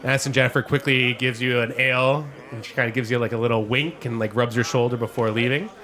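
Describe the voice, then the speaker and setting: A man's voice: medium pitch, fairly even intonation, quick pace, a bit bright. A man narrating as game master of a tabletop game, casual and often laughing.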